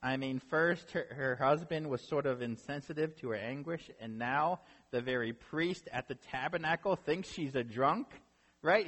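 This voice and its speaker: At a moderate pace, a man with a slightly high, fairly bright voice preaches as a pastor. He retells a story conversationally, frequently checking in with "right?", all within the long reverb of a hall.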